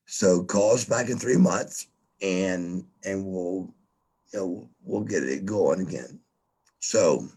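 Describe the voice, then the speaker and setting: A man's voice: fairly low pitch, measured pace, slightly rough. A man telling a story as a podcast guest, stammering, repeating himself and swearing often. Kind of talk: casual storytelling.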